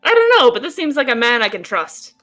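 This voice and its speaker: A woman's voice: on the high side, wildly swooping pitch, fairly quick, a bit bright, soft background music. A woman playing a tabletop game, declaring her actions playfully. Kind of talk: casual chat.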